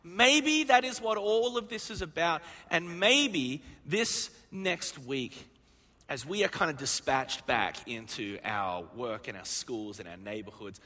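A male pastor preaching a sermon, telling a story in an animated way and acting out the voices in it. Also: on the high side, measured pace. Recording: long reverb of a church hall.

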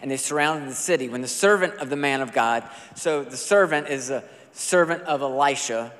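A man preaching a sermon as a pastor, talking in a conversational, animated storytelling way with casual asides. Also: mid-range voice, moderate pace. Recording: long hall reverb.

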